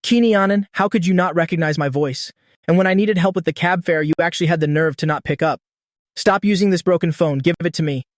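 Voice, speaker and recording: A haughty, spoiled young man snaps and sulks with resentment, as a man reads him aloud. The voice sits fairly high for a man. It is recorded dry and close, with no room sound. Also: a little fast, no room sound, natural voice. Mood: petulant. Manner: petulant, resentful. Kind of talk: audiobook dialogue.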